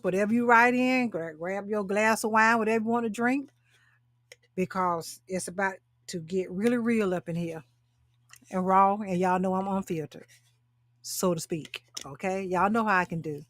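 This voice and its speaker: A woman's voice: medium pitch, fairly bright tone, dry recording. An emphatic woman hosts a live stream, calling out to her viewers and repeating her points. The sound is dry and close, with hardly any room around her. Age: 60s. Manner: emphatic and preachy, repeats phrases, calls out to viewers. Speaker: talk show host and life coach. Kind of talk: live-stream talk to a women's audience. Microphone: webcam or phone mic, live stream.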